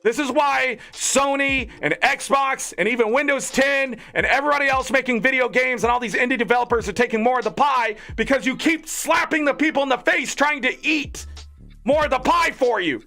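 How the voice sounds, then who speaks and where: A man streaming games, ranting in casual chat with animated, indignant talk. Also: very high-pitched, normal speed, gravelly, soft background music. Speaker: gaming streamer.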